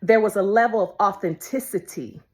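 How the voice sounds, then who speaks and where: A woman preaching a devotional sermon, emphatic and repetitive, moving between loud declarations and hushed whispers. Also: mid-range voice, brisk. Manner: repeats phrases for emphasis.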